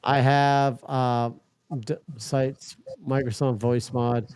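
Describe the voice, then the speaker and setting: A man hosts a casual livestream and talks his viewers through a stubborn setup problem, muttering and swearing when it fails. His voice sits at a middling pitch. The sound is dry and close, with little room around it. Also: little pitch movement, slow pace, a little mellow, clean tone, no room sound. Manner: muttering while troubleshooting, swears in frustration. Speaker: livestream host.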